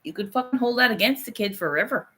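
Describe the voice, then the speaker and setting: A woman's voice: on the high side, expressive, quick pace, pushed and bright, slightly rough. A woman in her thirties, chatting casually on a home livestream, swearing and laughing often as she answers her viewers. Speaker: livestream host. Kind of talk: casual livestream chat reading comments.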